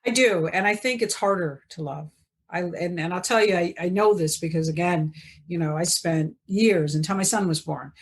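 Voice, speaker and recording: A woman's voice: lowish voice, moderate pace, husky. A woman in her fifties, a podcast guest, talking in a chatty, casual way, often laughing and trailing off mid-thought. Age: 50s. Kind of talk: casual interview chat.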